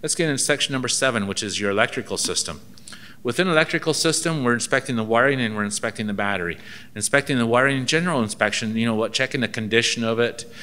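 A man's voice: medium pitch, fast talker, bright, forceful tone, smooth. A man, a transport ministry inspector from Canada, gives a seminar and tells anecdotes with dry humor, acting out bits of dialogue.

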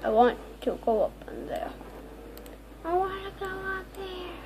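Woman host, high voice, unhurried delivery, excitable gameplay commentary with squeals. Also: slight background noise. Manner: excitable, frequent squealing exclamations. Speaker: gaming video host.

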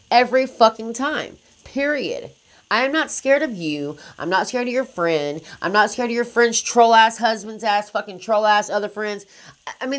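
A young adult woman ranting to the camera as a commentary vlogger, blunt and confrontational, swearing heavily. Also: medium pitch. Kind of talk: profane drama commentary rant.

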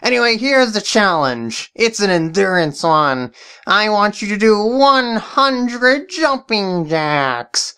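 A woman's voice: mid-range voice, very animated, slow, fairly bright tone, smooth, pitched above the performer's own voice. A woman voicing a scheming male villain who sets silly challenges, in a teasing, gleeful comedy skit.

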